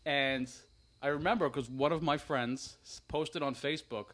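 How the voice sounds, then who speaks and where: A man's voice: mid-range voice, normal speed, hardly any pauses, fairly bright tone. Nasal, rambling guy telling a story. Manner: rambling storyteller, laughs often. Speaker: podcast co-host. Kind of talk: casual banter.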